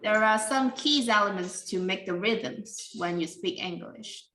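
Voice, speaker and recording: A woman teaching English pronunciation in a careful, deliberate way, with simple non-native grammar. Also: medium pitch, a bit bright, roomy sound, a little hiss or hum, poor audio. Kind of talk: slow classroom explanation.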